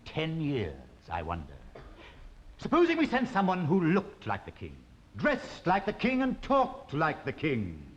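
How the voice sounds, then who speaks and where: A man's voice: a little high, huge pitch swings, measured pace, lo-fi sound. An actor playing a scheming male nobleman who talks in a commanding, plotting, lordly way in a television comedy sketch.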